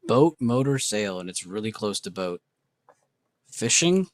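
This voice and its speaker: A man's voice: fairly low pitch, very animated, unhurried, no room sound. A man hosting a casual livestream, muttering word guesses to himself and reacting to chat with self-mocking remarks. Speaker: livestream host.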